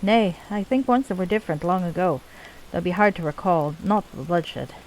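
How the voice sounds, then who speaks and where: A woman voicing a gruff male dwarf clan leader, weary of endless war, in a put-on Scottish accent. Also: on the low side, normal speed, a little mellow, slight background noise, close to an everyday voice, low-quality recording. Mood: somber. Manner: gruff, archaic folksy dwarf speech. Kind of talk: reading game dialogue aloud.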